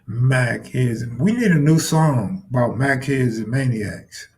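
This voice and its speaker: A man's voice: mid-range voice, lively intonation, slow pace, darkish tone. Blunt, profane man riffing on a live stream. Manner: blunt, profane, talks back to chat viewers. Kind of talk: casual live stream commentary.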